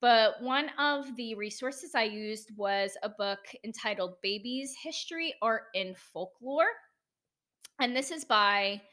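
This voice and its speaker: A woman's voice: on the high side, slow pace, sharp tone. An American woman hosting a solo educational podcast, chatty and enthusiastic, with self-deprecating asides. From United States. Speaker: podcast host.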